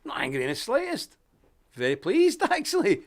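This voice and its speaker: A man from Ulster with an Ulster Scots accent, hosting a live show in an animated, chatty monologue and chuckling often. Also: extremely high pitch, a little fast. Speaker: host.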